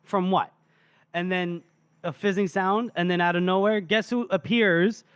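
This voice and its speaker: High-voiced man retelling a story. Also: steady tone, normal speed, fairly bright tone, smooth, dry recording. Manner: retells scenes, reading character lines with laughter. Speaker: podcast co-host. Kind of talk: casual book-discussion chat.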